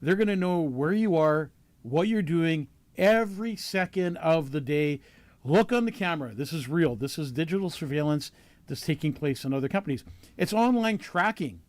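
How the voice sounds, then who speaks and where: Earnest man, higher voice. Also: lively intonation, moderate pace, darkish tone, no echo. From Canada. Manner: earnest, questioning, full of fillers and restarts. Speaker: show host. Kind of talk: casual talk show discussion.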